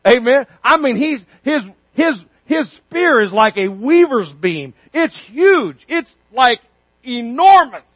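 A man preaching a sermon, telling a story with lively energy and acting out the characters' voices. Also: extremely high pitch, takes it slowly, no echo, dull audio. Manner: animated storytelling, acts out voices.

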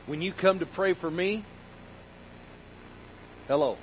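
Guy preaching with a highish voice, emphatic and folksy, keeps repeating lines, bit dull recording w faint rumble. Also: slow pace. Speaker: pastor. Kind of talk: sermon.

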